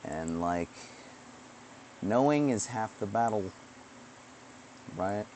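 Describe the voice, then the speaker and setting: A man's voice: fairly low pitch, animated, slow pace, darkish tone, a little hiss or hum. A man rambling through a casual livestream monologue, self-mocking and profane. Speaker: streamer.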